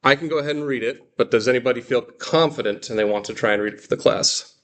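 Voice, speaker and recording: A man teaching a Greek class, explaining pronunciation and modeling words slowly for students to repeat. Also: medium pitch, a bit bright.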